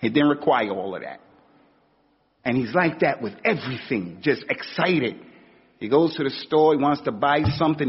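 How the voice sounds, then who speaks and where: A preacher with a mid-range, breathy-edged voice delivers an informal sermon in conversational street slang, acting out little anecdotes along the way. The recording is dull, with a long hall reverb.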